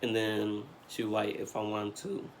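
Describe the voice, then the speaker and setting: A young man vlogging, telling a story in casual slang with lots of fillers, getting animated as he retells it. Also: on the low side, moderate pace, gravelly, slight background noise. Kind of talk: storytime vlog.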